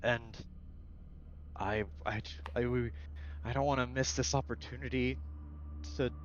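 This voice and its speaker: A man's voice: medium pitch, steady tone, a little slow, dull audio, slight background noise, lightly acted. A man voicing a large, nervous, smitten male private military guard who stammers and hesitates. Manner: stammering, hesitant, soft-spoken.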